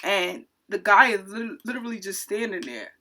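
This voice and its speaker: A woman who works as a retail cashier, telling a story from her job in an indignant, animated storytime rant. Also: medium pitch, normal speed.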